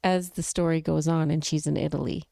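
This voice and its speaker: A woman's voice: deep voice, level tone, a little fast, creaky, warm tone, no echo. A woman hosting a book podcast, reading aloud and chatting casually with her guest, careful not to give away spoilers. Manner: chatty, stops herself from giving spoilers. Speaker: podcast host.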